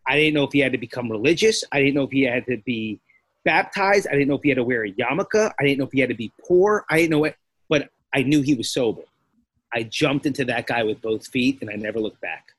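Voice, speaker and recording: A male podcast guest tells his story with animated energy and slips into other people's voices as he goes. His pitch sits in a middle range. The sound is dry and close to the mic. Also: quick pace, no echo. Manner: animated, acts out quotes. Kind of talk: personal storytelling in conversation.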